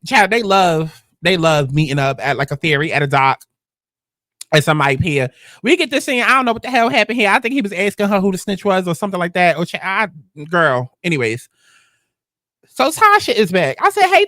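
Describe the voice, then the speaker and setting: This dry studio recording features a woman hosting a laid-back TV recap; she is lively and blunt, curses heavily, and her voice jumps sharply in pitch.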